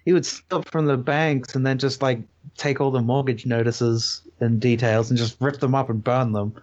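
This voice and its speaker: A man's voice: medium pitch, fairly even intonation, moderate pace, darkish tone, lo-fi sound. Wry joking male player. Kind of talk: casual chat.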